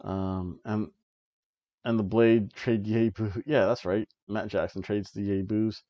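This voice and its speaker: A man hosting a wrestling review podcast, chatting casually through a match recap, laughing often and filling pauses with ums. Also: fairly low pitch, little pitch movement, no echo, muffled recording.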